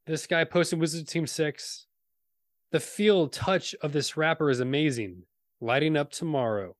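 A man's voice: fairly high pitch, measured pace, dry recording. A man co-hosting a casual podcast chat, reading out posts and trading dry jokes. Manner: dry, joking delivery. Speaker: podcast co-host.

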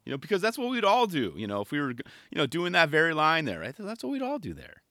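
A man's voice: fairly high pitch, huge pitch swings, fast, pushed and bright, no echo, clean studio sound. A man giving casual commentary on a skate video in laid-back skater slang, often tagging on "right?" and "you know".

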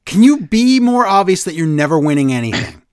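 A man recaps wrestling episodes in casual podcast chat, acting out the lines in put-on voices. His pitch sits a little high and swings widely. The sound is dry and close. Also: a little fast, smooth, no room sound. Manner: animated, acts out quotes with voice changes.

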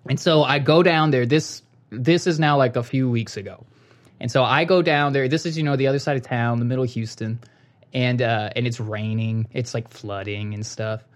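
A man's voice: mid-range voice, moderate pace. Rambling male storyteller, casual chat. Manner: rambling, with restarts and animated quoted dialogue.

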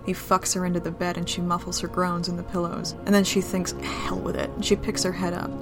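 A woman reading an adult romance story aloud in a low, intimate, steady manner. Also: fast talker, music in the background. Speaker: narrator.

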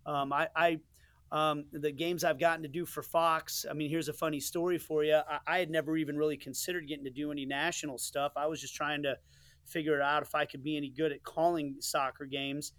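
A middle-aged man from the United States tells stories from his career in a relaxed interview, earnest and a little rambling, stopping to restart his sentences. His voice sits on the higher side and is recorded dry and close, with no room sound. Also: fairly quick, no room sound. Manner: rambling and earnest, many restarts and "you know" asides. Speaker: soccer play-by-play commentator, guest. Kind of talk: casual interview storytelling.

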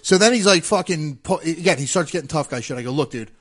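A man's voice: on the high side, lively intonation, quick pace. A man in his forties telling a profane story in casual podcast chat, acting out both sides of an argument. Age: 40s.

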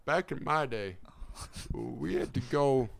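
A man's voice: medium pitch, slow pace, vocal fry. A man doing a comedic impression of a rambling, cranky elderly male president in a put-on Southern US accent. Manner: rambling, loud, scolding.

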